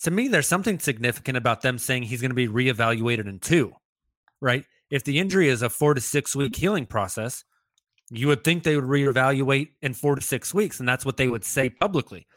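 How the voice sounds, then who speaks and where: A man co-hosting a podcast, talking in a chatty, animated way with quick asides. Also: mid-range voice, dry recording, studio quality. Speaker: podcast co-host. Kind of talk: casual sports chat.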